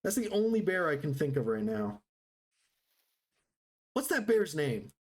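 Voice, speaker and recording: A male streamer talks to his chat while he plays, joking and rambling with a sarcastic edge. His voice sits a bit high for a man and swings lively up and down. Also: measured pace. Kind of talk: casual live-stream chat while gaming.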